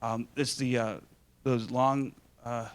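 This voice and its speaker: A man in his thirties from Michigan, a guest speaker telling stories to a live audience in an animated, joking way. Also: medium pitch, slow pace. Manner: animated and joking, acting out dialogue. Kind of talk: storytelling talk to a live audience.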